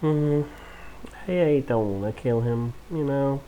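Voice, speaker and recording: A woman's voice: rumbling low, measured pace, mellow, a little hiss or hum. A woman, sick and congested, casually playing a video game and reading her dialogue choices aloud. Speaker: gaming video host. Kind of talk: casual let's-play commentary.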